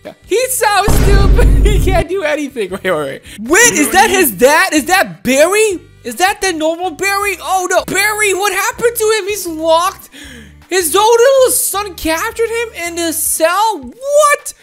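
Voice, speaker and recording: A woman commentating her own gameplay, excitable and giggly, often talking to viewers. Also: very high voice, a little slow, soft background music. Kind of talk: playful game commentary.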